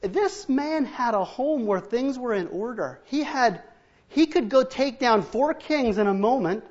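A man's voice: very high voice, expressive, a little slow, a little mellow. A male preacher delivers a sermon with humor. He acts out Bible scenes and household arguments in different voices. The recording sounds dull and muffled. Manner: humorous asides to the congregation.

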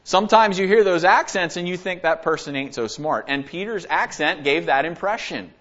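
A man's voice: high-pitched, lively intonation, normal speed, fairly bright tone, muffled recording. A man giving an earnest, conversational Bible study sermon, reading verses aloud and explaining them. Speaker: Bible teacher.

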